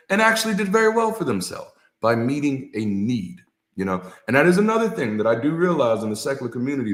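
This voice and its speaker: A man, a former pastor, giving a casual motivational talk with a preacher's cadence, repeating key lines and dropping slang and swear words. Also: mid-range voice. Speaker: ex-pastor and co-host. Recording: echoey room.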